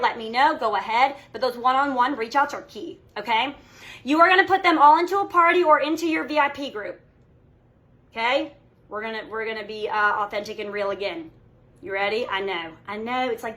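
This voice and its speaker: A woman's voice: fairly high pitch, sharp tone. A woman in her thirties giving a motivational training talk to her sales team, emphatic and coaching, checking in constantly with "okay?" and "all right?". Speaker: direct sales team leader.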